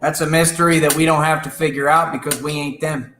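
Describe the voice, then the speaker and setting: A man's voice: a little high, fairly even intonation, brisk, echoey room, music in the background. A man hosting an online radio show, ranting in a defiant, boastful and profane way at his critics. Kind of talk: ranting live-stream monologue.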